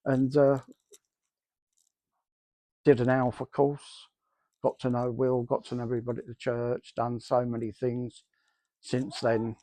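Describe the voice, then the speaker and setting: A man's voice: mid-range voice, monotone, measured pace, long pauses, dark tone, dry recording. A middle-aged man telling his church testimony in a rambling way, acting out the dialogue he recalls. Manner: rambling storyteller, acts out quoted dialogue. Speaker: church member giving testimony. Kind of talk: spoken personal testimony.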